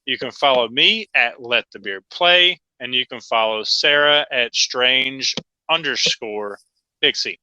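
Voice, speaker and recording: A man with a Southern American accent co-hosting a podcast in casual chat, joking and laughing often, his voice trailing off softly. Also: mid-range voice, a little slow, smooth, no echo, lo-fi sound. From Southern United States. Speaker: podcast co-host.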